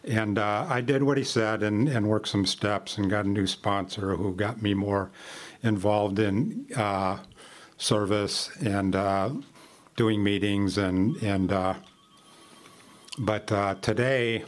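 Older man, halting low-voiced testimony. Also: steady tone. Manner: halting, with frequent restarts and small laughs. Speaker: member sharing at a recovery meeting. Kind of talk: personal testimony.

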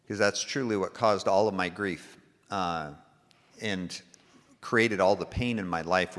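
Guy with a lowish voice sharing at a support meeting, thoughtful, lots of uhs, echoey. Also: a bit bright. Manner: reflective, frequent "uh" fillers. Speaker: recovery group member sharing.

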